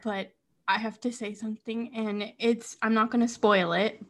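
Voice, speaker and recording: A young woman co-hosting a podcast over a video call, chatting casually and expressively, quick to laugh. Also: fairly high pitch, level tone. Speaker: podcast co-host. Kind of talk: casual chat.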